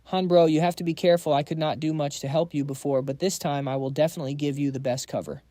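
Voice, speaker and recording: A man's voice: on the high side, fairly even intonation, quick pace, mellow, dry recording, lightly acted. A man voicing a loyal, clownish chubby young man in a comic recap.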